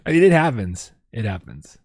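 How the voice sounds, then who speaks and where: A man's voice: mid-range voice, very animated, moderate pace, a little mellow, no echo, studio quality. A man hosting a casual gaming livestream at home, rambling and reading out viewer tips with lots of restarts. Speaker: livestream host.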